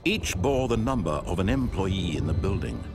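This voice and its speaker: An omniscient game narrator, low-voiced and animated, measured dramatic storytelling over game music. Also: male voice. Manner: measured, expressive storytelling with rising dramatic questions. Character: omniscient male storyteller narrating an office worker's life.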